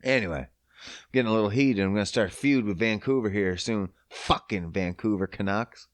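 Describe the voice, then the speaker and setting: A man's voice: moderate pace, no room sound, clean studio sound. A man from Prince Edward Island hosting a podcast alone, ranting with constant swearing and mock outrage. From Prince Edward Island, Canada. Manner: loud, animated pitch swings when riled up. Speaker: podcast host. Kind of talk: profane solo podcast rant.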